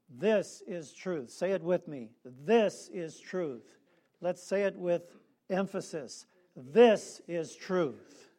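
Slow, emphatic male preacher. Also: sits high, darkish tone. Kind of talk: sermon.

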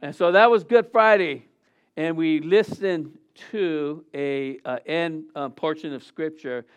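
A man's voice: fairly high pitch, takes it slowly, clear, resonant tone. Man preaching a loose, rambling sermon. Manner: rambling, with many fillers and restarts; voice swells on quoted lines. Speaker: pastor. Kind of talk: casual Easter sermon.

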